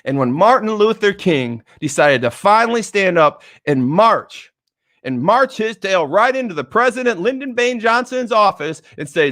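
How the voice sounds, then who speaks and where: A middle-aged man with a high voice delivers a motivational talk, excitable and emotional. He repeats phrases to drive points home and swings between quiet low emphasis and loud, eager bursts. The sound is dry and close. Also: normal speed, dry recording. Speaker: motivational speaker.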